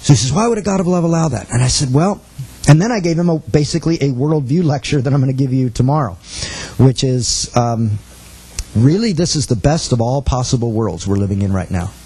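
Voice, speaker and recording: A middle-aged man giving a sermon-style teaching talk with a husky voice, telling stories and acting out quotes earnestly. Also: medium pitch, brisk, warm tone, low-quality recording. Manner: storytelling with acted quotes, earnest. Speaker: preacher.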